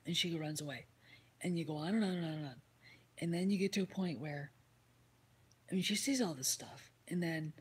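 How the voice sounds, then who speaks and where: A woman's voice: low-pitched, slightly rough. A woman hosting a livestream, casually retelling a story and answering chat, swearing freely and slipping into whispered asides. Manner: reads and answers chat comments. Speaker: livestream host.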